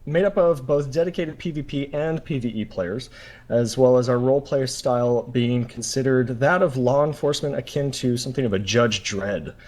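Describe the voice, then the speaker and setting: A man with a mid-range voice delivering a prepared pitch for his group. He speaks in a formal, speech-like way, pausing with brief fillers. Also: darkish tone. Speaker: player group representative.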